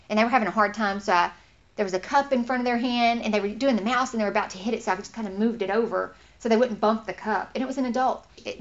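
A woman leads an informal Bible teaching, earnest and conversational. Her voice sits at a middle pitch, and she gets animated when she acts out what others say. The recording is slightly dull and lo-fi.

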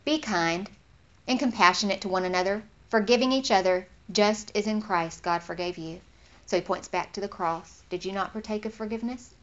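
A woman leads an informal Bible teaching, earnest and conversational. Her voice sits at a middle pitch, and she gets animated when she acts out what others say. The recording is slightly dull and lo-fi. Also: moderate pace.

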